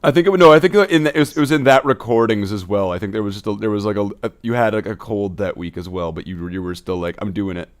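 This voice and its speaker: A male co-host chats loosely on a late-night stream, joking and stumbling through restarts as he rambles along. His voice sits in a fairly low register. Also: fast talker, hardly any pauses. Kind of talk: casual chat.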